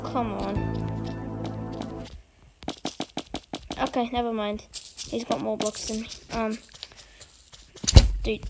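High-voiced woman chatting over gameplay. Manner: chatty and excitable, urging opponents on. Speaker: gaming channel host. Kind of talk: casual gameplay commentary.

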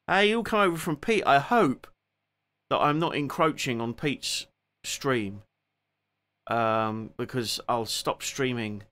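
A man with a Cockney accent hosts a laid-back live stream from home, sitting down rather than performing. His voice has a crisp, bright edge. He talks loosely and chattily, trailing off and picking up again as he thanks viewers one after another. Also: medium pitch, lively intonation, takes it slowly. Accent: Cockney English. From England. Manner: chatty, rambling, greets and thanks viewers by name. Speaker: music streamer. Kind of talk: casual live-stream chat.

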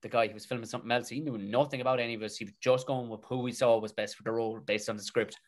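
Irish man, Tipperary accent, comedian guest; animated, sweary storyteller. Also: mid-range voice, rapid-fire. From Tipperary, Ireland. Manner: animated, swears freely, colloquial. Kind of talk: casual storytelling in a podcast interview.

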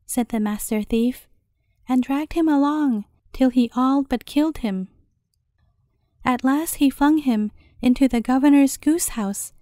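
A woman narrating a fairy tale as a bedtime story in a gentle, measured way. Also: high-pitched, no echo, studio quality.

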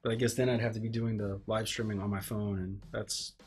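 A man's voice: fairly low pitch, flat delivery, a little fast, a little mellow. A man hosting a casual live stream, rambling and joking with himself as he works at his workbench. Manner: rambling, self-mocking, talks to himself while tinkering. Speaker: livestream host. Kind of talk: casual live-stream chat while working. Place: home workbench.

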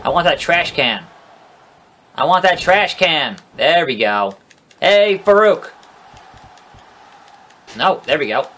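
A man giving casual gameplay commentary as a let's play gamer, joking around, getting excitable and swearing freely. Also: a little high, a little slow.

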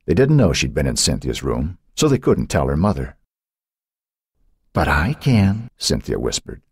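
Deep husky male audiobook narrator. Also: huge pitch swings, darkish tone, no room sound, clean studio sound. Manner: measured storytelling. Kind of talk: scripted narration.

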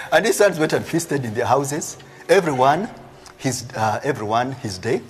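Faint music plays behind a medium-pitched man preaching slowly as a prophet in a live sermon. He reads and explains scripture with animation, often finishing lines with "eh?" and a laugh.

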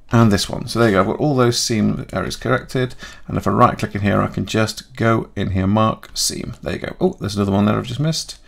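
A man talking through a software tutorial in a chatty way, thinking aloud and correcting himself as he goes. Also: lowish voice, vocal fry. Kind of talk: screen-recorded software tutorial.

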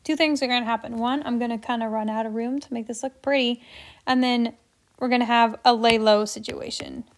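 A woman's voice: on the high side, fairly even intonation, a little fast. A woman teaching Spanish grammar in a chatty, playful way, with little asides while she works through examples. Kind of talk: explaining grammar while writing on a board.

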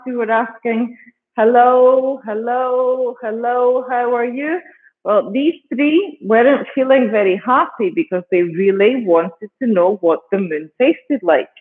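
A man's voice: extremely high pitch, phone-quality sound. A man with a British accent teaching English to children by telling a story, patiently repeating words and often checking "okay?", over a video call.

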